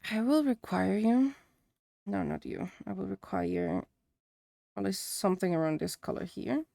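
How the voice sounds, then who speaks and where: A woman's voice: medium pitch, expressive, moderate pace, creaky, dark tone, dry recording, clean studio sound. A woman streamer chatting casually to herself as she works on a drawing. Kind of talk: casual chat while drawing.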